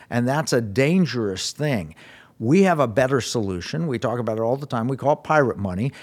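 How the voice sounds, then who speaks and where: A man hosting a radio talk show, chatting casually and reading quoted passages aloud with asides. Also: medium pitch.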